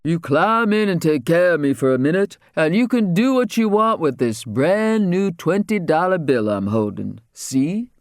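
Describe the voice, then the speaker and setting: A man's voice: on the high side, big pitch swings, moderate pace, few pauses, no echo, clean studio sound, pitched above the performer's own voice. A man voicing a pompous, drunk male reverend who pleads in churchy exclamations. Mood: pleading.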